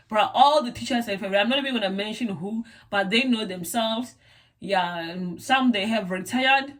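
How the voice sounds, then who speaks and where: A young South African woman with a South African accent, chatting casually to camera in a rambling way, repeating words and using lots of fillers. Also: on the high side. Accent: South African English. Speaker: vlogger.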